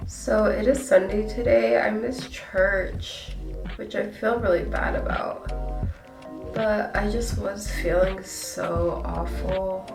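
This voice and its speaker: A congested young woman, stuffy-nosed and breathing hard, chats through a casual at-home get-ready-with-me vlog as a beauty vlogger. Her mid-range voice is creaky and sounds roomy on a distant mic. She's chatty, apologetic, and self-deprecating.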